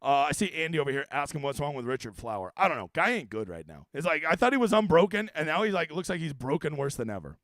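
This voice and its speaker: High, animated brash man. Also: fast talker, few pauses, dry recording. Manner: brash, profane and excitable. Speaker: fantasy sports strategy host. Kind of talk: casual livestream commentary.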